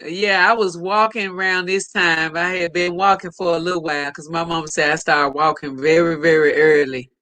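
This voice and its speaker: Bright-voiced woman storyteller. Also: on the low side, normal speed, few pauses. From United States. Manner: animated storyteller, laughs often, playful teasing. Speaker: co-host. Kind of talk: casual storytelling chat.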